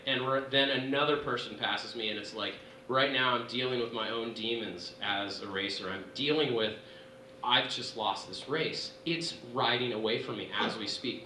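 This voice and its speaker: A young man tells a race story to a dinner crowd, animated and excited, his voice pushing up high at the thrilling moments. His tone is bright and forceful. He is recorded from across an echoey banquet room, with faint room ambience behind him. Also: distant mic, slight background noise. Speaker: athlete giving a dinner speech. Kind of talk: storytelling speech.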